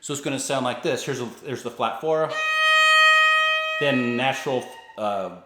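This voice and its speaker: A man giving a violin lesson, walking through each fingering and bow stroke with patient explanation and beats counted aloud. His voice carries around a reverberant room, and loud violin playing sits in the background. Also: medium pitch, fairly even intonation, quick pace, over loud music. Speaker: violin teacher. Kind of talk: instructional explanation.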